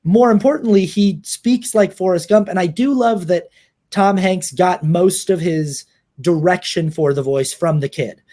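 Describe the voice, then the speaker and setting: High-voiced man chatting about film. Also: a little slow, mellow. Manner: chatty, with many restarts. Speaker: podcast co-host. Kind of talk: casual film discussion.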